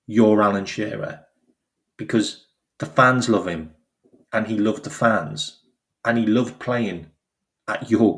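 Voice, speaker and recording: A man hosting his own channel, talking in a casual, emphatic way and repeating phrases for effect. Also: on the low side. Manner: animated, emphatic, repeats phrases, acts out quoted voices. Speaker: football channel host. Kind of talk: casual opinion commentary.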